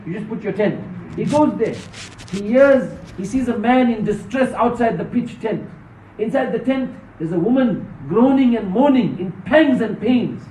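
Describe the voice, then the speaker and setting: A man's voice: high-pitched, warm tone, distant mic, dull audio. A man giving a Friday sermon as mufti, telling stories earnestly and addressing the congregation directly. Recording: echoey hall, voice off-mic, faint noise.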